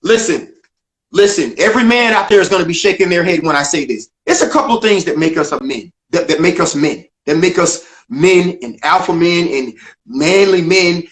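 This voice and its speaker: A man's voice: expressive, normal speed. An older man, a stand-up comedian, telling a story as a guest in an emphatic way, acting out dialogue. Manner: emphatic, acts out dialogue, swings pitch widely. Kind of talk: animated storytelling in a video interview. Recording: echoey room.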